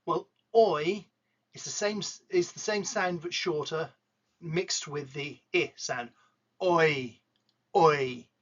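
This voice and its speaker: Speaking slowly at a medium pitch with a fairly bright tone, this English-accented pronunciation teacher runs a jokey lesson, stretching out vowel sounds in exaggerated demonstrations. The audio is dull.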